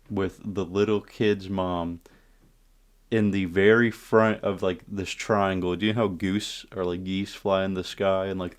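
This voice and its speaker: A man casually telling a story time tale, profane and animated, with asides to his viewers. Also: low-pitched, smooth.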